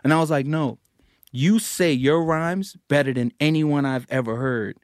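Storyteller, male, animated; dry close sound, jumps high when quoting others. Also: moderate pace, dry recording. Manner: animated, acts out other people's quotes with big pitch jumps. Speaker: guest recounting a story. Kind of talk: casual anecdote.

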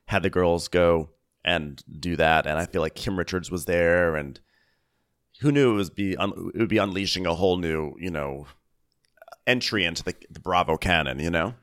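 A man's voice: deep voice, dry recording, clean studio sound. A man co-hosting a comedic podcast recap, wry and joking, with lots of um and uh. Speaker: podcast co-host. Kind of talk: casual comedic recap chat.

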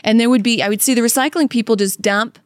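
A woman's voice: a little high, fast, no echo, studio quality. A woman co-hosting a podcast, trading crude jokes in casual chat. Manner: crude, joking banter. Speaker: podcast co-host.

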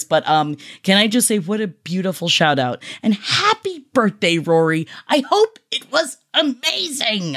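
A woman hosting a podcast, gushing and swearing freely as she reads out listener shout-outs. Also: lowish voice. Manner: gushing and profane. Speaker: podcast host.

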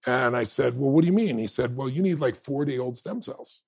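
A man in his fifties with a gravelly, husky voice tells his story as a podcast guest. He acts out what other people said and laughs along the way. His pitch sits in an ordinary middle range. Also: lively intonation, brisk, a little mellow. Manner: acts out quoted dialogue, laughs often. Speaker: interview guest. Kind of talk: animated storytelling in conversation.

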